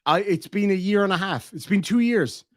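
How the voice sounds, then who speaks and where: An Irish man chatting casually on a live stream, reading out viewer messages in a rambling, excitable way that is full of swearing and restarts. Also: high-pitched, normal speed, no echo. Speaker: livestreamer reading viewer donations.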